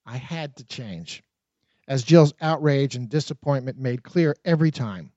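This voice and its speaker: Man narrating own memoir, high voice, expressive, dry, dull lo-fi sound. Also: no echo. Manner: expressive, dramatic reading with quick asides.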